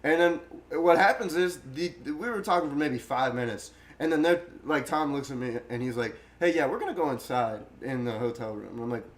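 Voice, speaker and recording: A man's voice: medium pitch, a little fast, few pauses. A young man casually telling a long, wild story on a podcast, acting out what other people said and laughing often. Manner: animated, acts out quotes, laughs often. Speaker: guest storyteller.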